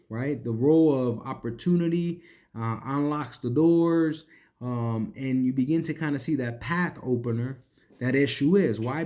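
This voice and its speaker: Man with a slightly high voice, teaching. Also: darkish tone. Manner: explanatory, checks in with frequent "right?"; repeats words as he rethinks mid-sentence. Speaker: spiritual teacher. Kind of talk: teaching by retelling a sacred story.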